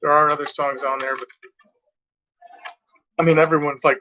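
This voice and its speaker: A man's voice: on the high side, level tone, normal speed, sharp tone, highs cut off. A tired, yawning man rambling casually as he reads out track lists from his cassette tapes. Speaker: music collector reviewing cassette tapes.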